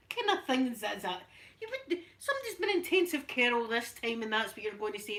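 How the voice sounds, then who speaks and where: A woman's voice: a little high, lively intonation, normal speed, fairly bright tone. A middle-aged Scottish woman chatting on a live stream, greeting viewers by name and laughing often as she talks. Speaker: vlogger. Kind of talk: casual live-stream chat.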